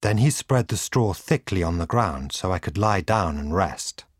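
A man's voice: low voice, animated, moderate pace, dry recording, clean studio sound. A man reading a children's storybook aloud as a scripted narration. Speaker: audiobook reader.

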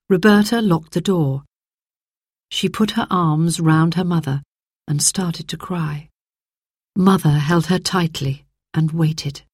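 A woman narrating a children's storybook in an expressive, clear storytelling manner. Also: fairly low pitch, dry recording, clean studio sound. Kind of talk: storybook reading.

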